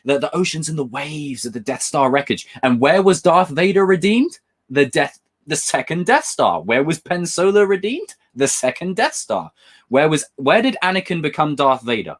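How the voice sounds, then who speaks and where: A man hosting a casual livestream, reading chat messages aloud and talking with excitement and the odd swear word. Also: on the high side. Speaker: livestream host.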